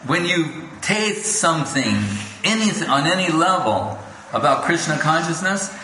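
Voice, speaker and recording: A man's voice: on the high side, lively intonation, unhurried, pushed and bright. A man giving an informal devotional talk to a gathering, telling stories and acting out other people's voices. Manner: storytelling, acts out quoted voices. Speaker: spiritual lecturer. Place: gathering hall. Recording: echoey room with faint background noise.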